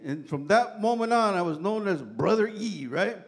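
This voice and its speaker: High-voiced pastor, chatty storytelling sermon. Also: male voice, lively intonation, moderate pace. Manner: casual, colloquial storytelling with frequent "man" and "right?". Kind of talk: sermon with humorous personal stories. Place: church sanctuary.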